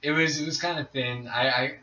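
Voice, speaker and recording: A young man co-hosting a podcast, telling a rambling story among friends with halting restarts, frequent laughs and casual swearing. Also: medium pitch, fairly even intonation, sharp tone, lo-fi sound. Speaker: podcast co-host. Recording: roomy echo, distant mic, faint room hiss.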